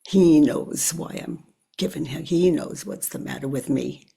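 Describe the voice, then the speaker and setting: Guiding listeners through self-inquiry, this older spiritual teacher speaks low, her voice deeply husky, breathy, and gravelly. Her pace is slow and thoughtful, broken by pauses where she thinks aloud, and she frequently drops to a near whisper.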